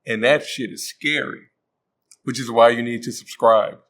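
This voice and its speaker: A man's voice: mid-range voice, fairly even intonation, normal speed, fairly bright tone. A man hosting a comedic movie recap, joking in slang and acting out the characters' voices. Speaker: host.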